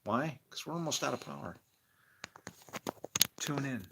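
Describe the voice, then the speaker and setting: A man's voice: mid-range voice, animated, unhurried, gravelly, heavy background noise. Rambling, emotional older man streaming live. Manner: rambling, emotional, laughs often, swings from loud to quiet. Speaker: livestream host. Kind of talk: casual rambling livestream talk.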